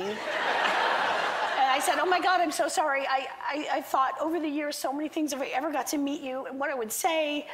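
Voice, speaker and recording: A woman telling an excited comic story, mimicking her own flustered reactions. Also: sits high, fairly quick, heavy background noise. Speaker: actress on a talk show. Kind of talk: comic anecdote.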